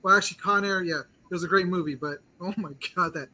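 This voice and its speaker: A man with a high, fast, pushed and bright voice hosts a casual pop-culture chat show in a rough recording. Eager and rambling, he fills his speech with "like."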